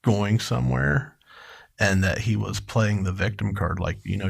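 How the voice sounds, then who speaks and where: A man co-hosting a true-crime podcast, talking casually with hesitant, halting restarts. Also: lowish voice, steady tone, gravelly, slightly rough. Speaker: podcast co-host.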